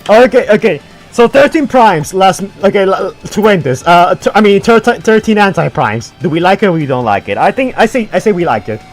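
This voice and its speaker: A man hosting a livestream, excitable and flustered, laughing through casual chat. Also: high voice, a little fast, hardly any pauses, faint music behind. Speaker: livestream host.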